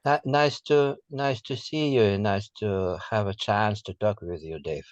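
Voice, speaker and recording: A man speaking careful, halting English as a student in an online class. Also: fairly low pitch, no room sound, lo-fi sound. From Russia. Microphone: video call.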